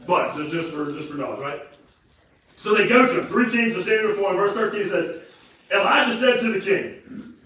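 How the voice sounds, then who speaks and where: A man preaching a casual, energetic sermon, slangy and animated, often repeating words as he restarts. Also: high voice, normal speed. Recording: very echoey room, distant mic.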